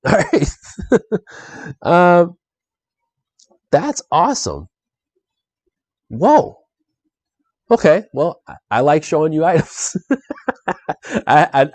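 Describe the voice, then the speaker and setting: Man, board game show host, live solo playthrough, excitable, pitch leaping up and down, dry close sound. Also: no echo. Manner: animated, excitable, talks straight to viewers.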